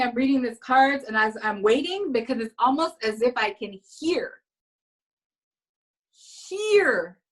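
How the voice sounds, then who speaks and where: High-voiced woman leading slow affirmations. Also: rough recording. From Caribbean heritage. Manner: energetic, coaching the audience to repeat after her. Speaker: speaker at an online women's event. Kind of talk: motivational talk with affirmations. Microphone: video call.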